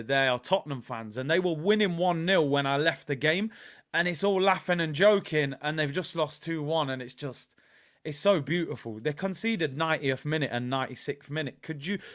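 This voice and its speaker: A man from England hosting a casual football watchalong stream, chatty and excitable, rambling with lots of fillers. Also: fairly high pitch, moderate pace. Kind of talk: casual live-stream chat.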